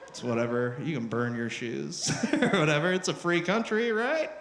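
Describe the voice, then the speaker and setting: A man's voice: on the high side, normal speed, a bit bright, a little hiss or hum. A man playing a smug, offhand corporate guy. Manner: lazy, offhand. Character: smug, dismissive male shoe company employee. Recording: roomy live club recording.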